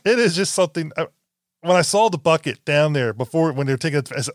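A man's voice: fairly high pitch, lively intonation, fast, no room sound, clean studio sound. A man in casual conversation about a horror film, talking in a rambling way with frequent restarts.

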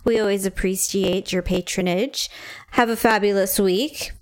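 A woman's voice: mid-range voice, fairly even intonation, normal speed. A woman co-hosting a podcast, chatting casually and signing off the show. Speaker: podcast co-host. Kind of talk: casual chat and show sign-off.

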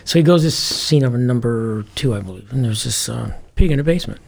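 A man's voice: medium pitch, a little fast, creaky. A man, a former police commander, telling stories in an interview and acting out the dialogue in different voices. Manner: lively, acts out quoted dialogue in different voices. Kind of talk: anecdotal interview storytelling.

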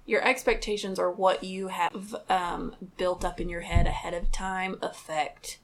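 Soft-spoken woman with a lowish voice. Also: flat delivery, measured pace. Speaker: podcast co-host. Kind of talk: casual chat.

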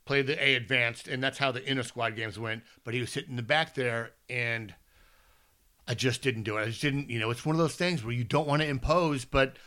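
Podcast co-host, man, 50s, bright tone, casual rambling storyteller. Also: mid-range voice, fairly quick. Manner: animated storytelling, rambling with restarts. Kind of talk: casual chat.

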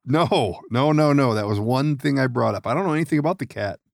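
A man's voice: mid-range voice, a little fast, gravelly, darkish tone, no room sound, clean studio sound. A man hosting a podcast, chatting casually and cutting in with jokes. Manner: joking interjections. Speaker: podcast host. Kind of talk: casual chat.

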